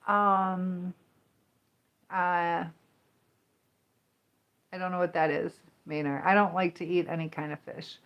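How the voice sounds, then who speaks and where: A woman hosting a casual livestream, chatting and rambling as she reads viewer comments aloud. She teaches and coaches people on starting businesses. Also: medium pitch. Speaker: livestream host.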